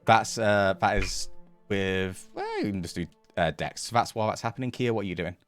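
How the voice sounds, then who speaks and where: Low-voiced man running a tabletop game. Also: brisk, faint music behind. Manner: animated narration, acting out sound effects, laughs often. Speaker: game master.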